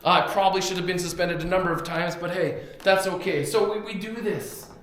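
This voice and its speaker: A young pastor preaches a sermon in a very echoey church hall, animatedly telling a story and acting out the quotes. His voice sits high and sounds fairly bright, with a steady tone and a brisk pace.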